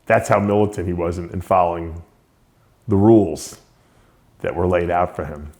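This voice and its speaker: A man's voice: sits low, fairly even intonation, moderate pace, darkish tone. A male show host giving an unscripted spoken tribute to a late friend, reminiscing with frequent short laughs.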